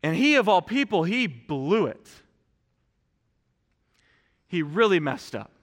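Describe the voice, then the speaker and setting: In a church sanctuary, a pastor preaches a sermon, speaking earnestly and directly to the congregation and often restarting his sentences. His voice is high and sing-song, and he takes his time. The recording has a big-room sound.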